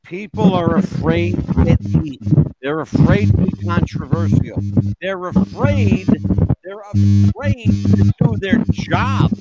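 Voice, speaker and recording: A man's voice: on the high side, sing-song, slow. A man hosting a casual talk show, speaking emphatically and repeating points for stress. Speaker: podcast host. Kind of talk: casual chat. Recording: dull lo-fi with loud music behind.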